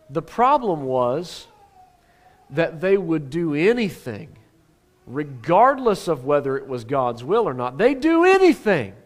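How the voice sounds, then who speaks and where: A man giving a sermon as a pastor, talking conversationally with rhetorical questions and dropping from animated to hushed. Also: on the high side.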